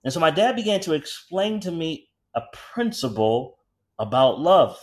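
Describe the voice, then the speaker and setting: A man preaching to a congregation in a slightly higher-than-usual voice. He leans on key words with slow, drawn-out emphasis, then hurries through his personal stories. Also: sing-song. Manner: drawn-out emphatic phrases, switching to quick anecdote. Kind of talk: sermon.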